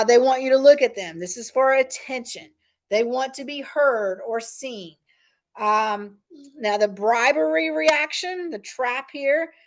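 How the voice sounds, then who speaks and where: Chatty woman leading a parent training. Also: fairly high pitch. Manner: conversational, frequent "right?" and "um". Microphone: meeting recording.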